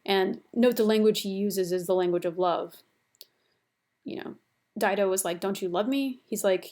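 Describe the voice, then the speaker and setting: A woman's voice: medium pitch, moderate pace, a little mellow. A young woman lecturing on a classical epic in a casual, chatty way, paraphrasing with many fillers and restarts. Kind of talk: recorded university lecture.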